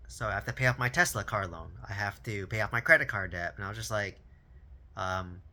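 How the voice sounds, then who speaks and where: Casual male vlogger, thirties, bright tense tone, chatty storyteller who restarts words often. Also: lowish voice, brisk. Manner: rambling storytelling, lots of "right?" and repeated words. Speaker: vlogger on real estate and personal finance. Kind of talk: casual talking-head monologue.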